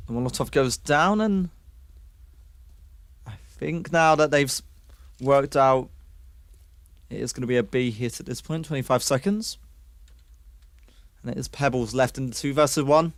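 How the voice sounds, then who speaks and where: A British man casts an online esports match with play-by-play commentary, his mid-range voice moving at a measured pace with frequent pauses and no echo. He's excitable, jumping up sharply on kills and chatting with stream viewers between rounds.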